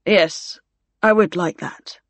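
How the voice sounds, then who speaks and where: Woman doing a stiff polite victorian navy man, low and quiet, slow careful words, bit gravelly. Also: dry recording, heavily acted. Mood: diffident. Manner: courteous, halting, old-fashioned phrasing. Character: formal, diffident male Victorian naval officer.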